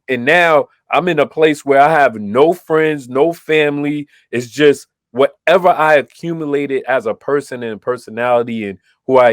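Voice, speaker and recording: A Brooklyn, New York man co-hosts a casual podcast, telling stories animatedly and acting out the dialogue in his anecdotes. His voice is mid-range, and the recording is dry, clean studio sound.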